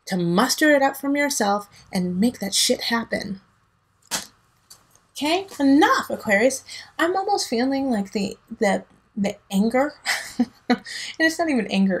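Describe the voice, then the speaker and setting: A woman's voice: a little high, breathy edge, rough recording. A woman giving a casual tarot reading, emphatic and teasing, laughing often, with a son at home. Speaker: tarot reader.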